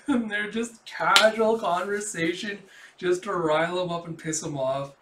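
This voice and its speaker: A man's voice: sits high, lively intonation, moderate pace, a bit bright, slight background noise. A man casually reading a comic book aloud, with swearing and laughing asides. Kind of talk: casual comic readthrough narration. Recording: roomy echo.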